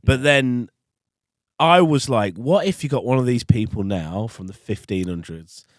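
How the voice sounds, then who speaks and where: A man co-hosting a casual podcast and telling rambling, sweary stories. His pitch leaps around as he talks. The sound is close and dry. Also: unhurried, no room sound. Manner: rambling, sweary storytelling with lively swings. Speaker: podcast co-host. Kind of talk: casual chat.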